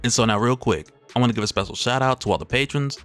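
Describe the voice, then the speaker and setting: A man at a medium pitch walks through a comic storyline in a loose, slangy, easygoing manner, like a regular host of his own channel. Soft music sits faintly underneath his voice. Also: quick pace. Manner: laid-back, slangy, lively storytelling. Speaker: comic book recap host. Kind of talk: casual comic story recap.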